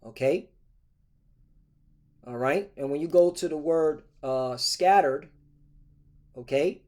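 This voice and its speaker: A man's voice: fairly high pitch, takes it slowly, warm tone. A man preaching a scripture-reading sermon, reading verses aloud and breaking in with constant "all right? okay?" check-ins, in a combative tone.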